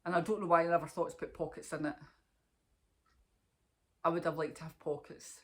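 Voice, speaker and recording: A woman's voice: low-pitched, level tone, fairly quick. A woman hosting a knitting podcast, chatting casually and rambling on with gushing enthusiasm, filmed on her phone at home. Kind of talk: casual chat to camera.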